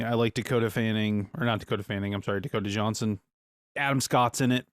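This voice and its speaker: A man's voice: medium pitch, dry recording, studio quality. A man co-hosting a podcast in rambling, laid-back casual chat, swearing now and then. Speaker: podcast co-host.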